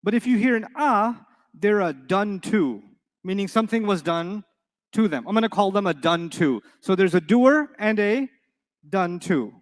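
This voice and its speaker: A man's voice: high-pitched, normal speed. A young man teaching an Arabic grammar lesson, asking his students questions often. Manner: lively, asks the class questions often.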